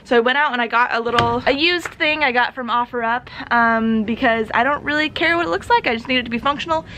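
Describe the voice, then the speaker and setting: A woman's voice: on the high side, fast, background noise. A young woman vlogging in a casual, chatty way, laughing often and a little out of breath. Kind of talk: casual chat to camera.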